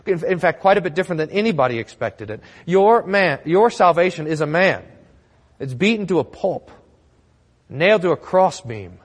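A man pastor preaching a sermon with emphatic, slowly stressed phrases. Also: on the high side, lively intonation. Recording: church hall reverb.

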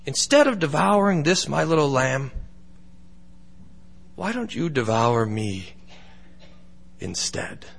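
A man's voice: fairly high pitch, very animated, slow pace, gravelly, long pauses, a bit bright, full character voice. A man voicing a protective male shepherd who offers his own life, in a story told during a sermon. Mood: earnest.

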